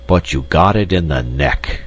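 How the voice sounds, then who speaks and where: A man voicing a sleepy male fortune-teller animal in a storybook reading, slow and deadpan. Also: a bass voice, breathy edge, full character voice. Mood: drowsy.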